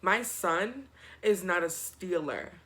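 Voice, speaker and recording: A man's voice: high-pitched, animated, slow pace, bright, forceful tone, exaggerated voice. A young man voicing his indignant mother scolding a principal in a sassy way. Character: indignant mother defending her son.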